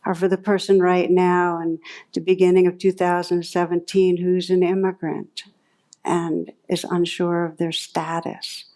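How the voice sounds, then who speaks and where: A woman's voice: on the low side, measured pace. A woman meditation teacher giving a talk to a live audience, telling anecdotes and reflecting aloud. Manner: warm storytelling, lively when recounting anecdotes.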